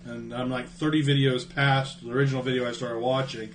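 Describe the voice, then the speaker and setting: A man's voice: medium pitch, little pitch movement, brisk, slight background noise. A man co-hosting a podcast, telling teasing stories in casual chat. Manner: teasing storyteller. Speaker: podcast co-host.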